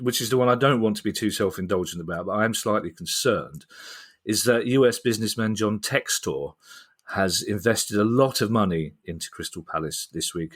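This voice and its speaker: A man hosting a podcast in a playful, joking manner. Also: on the low side. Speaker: podcast host. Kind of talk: casual podcast chat.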